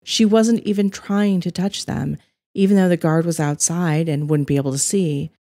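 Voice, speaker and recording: A woman narrating a story as its author, in an even, measured reading. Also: fairly low pitch, no echo.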